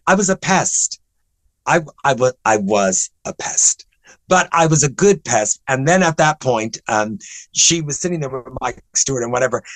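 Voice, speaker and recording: A man's voice: a little high, fairly bright tone, no room sound, poor audio. A man in his seventies, a guest in an interview, telling long anecdotes in a chatty, rambling way full of restarts. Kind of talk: animated anecdotal storytelling.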